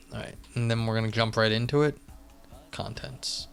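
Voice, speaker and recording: A man's voice: medium pitch, fairly even intonation, moderate pace, gravelly, fairly bright tone. A man streaming live, chatting casually and rambling with lots of fillers and restarts. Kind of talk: casual live-stream chat and reading aloud. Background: faint music.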